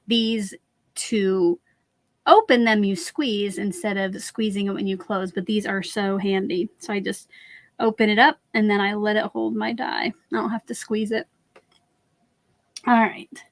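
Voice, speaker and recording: A woman's voice: medium pitch, fairly even intonation, unhurried, no echo. Casting note: friendly woman craft host, chatty live-stream demo, dry close sound. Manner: chatty, talks viewers through each step.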